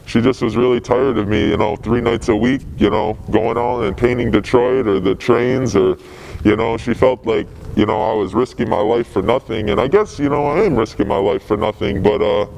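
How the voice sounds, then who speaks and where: Man, young adult, gravelly, laid-back, profane, rambling interview talk. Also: mid-range voice, big pitch swings, moderate pace, darkish tone, slight background noise, poor audio. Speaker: graffiti writer. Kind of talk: casual interview storytelling.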